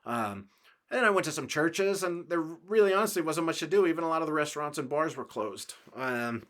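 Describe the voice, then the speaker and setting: A man's voice: on the high side, expressive, fairly quick, fairly bright tone. A man from the United States hosting his own podcast, rambling through a travel story in a loose, casual way, swearing now and then and laughing along. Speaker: podcast host.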